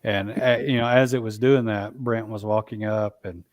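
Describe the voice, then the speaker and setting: A man telling a long story as a guest in a casual interview, halting, with frequent restarts and asides. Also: on the low side, fairly even intonation, a little mellow, no echo. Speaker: guest, Bigfoot researcher.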